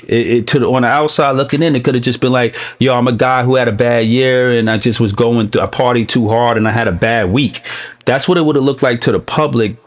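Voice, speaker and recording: A man hosting a recovery podcast, speaking emotionally in a heartfelt, preaching way. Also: mid-range voice. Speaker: podcast host.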